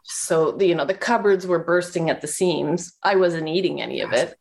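Low-voiced woman, candid interview guest. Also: slight background noise. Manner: candid, reflective, halting. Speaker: guest, movement instructor. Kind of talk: conversational interview.

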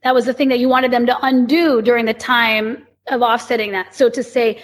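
A woman's voice: on the high side, flat delivery, fairly quick, few pauses. A woman who teaches movement, guesting on a podcast and explaining her ideas thoughtfully. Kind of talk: casual conversation.

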